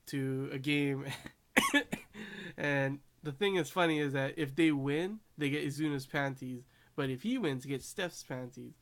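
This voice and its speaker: A man with a slightly higher voice than most talks through an anime episode in a loose, rambling way. He laughs often and keeps stacking fillers and restarts as he goes. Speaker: anime reviewer. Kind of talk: casual episode recap.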